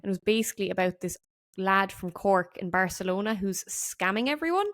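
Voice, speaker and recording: Woman, podcast host; mid-pitched, casual, rambling and enthusiastic. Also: lively intonation, a little fast, a bit bright. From Ireland. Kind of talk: casual interview chat.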